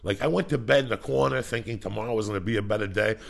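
Man, podcast host, low gravelly voice, husky, profane rambling storyteller. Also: racing. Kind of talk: casual storytelling chat.

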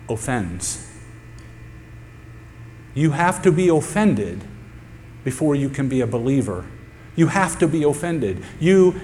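A man's voice: a little high, darkish tone. A male pastor preaching a sermon to his congregation, emphatic and repeating key phrases for effect. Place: church sanctuary with a congregation. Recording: long hall reverb with faint hum.

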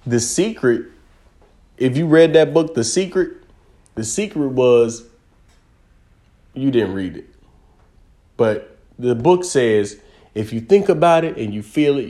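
Giving a spiritual talk, a man with a dark, mellow, mid-range voice speaks earnestly and insistently, repeating key words for emphasis and checking in with the listener. His intonation is lively and his pace unhurried, with frequent pauses.

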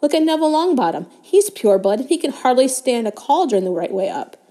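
A woman voicing a sickly young schoolboy wizard, hoarse and indignant, in a storybook reading. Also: sits high, big pitch swings, fast, mellow, voice pushed up.

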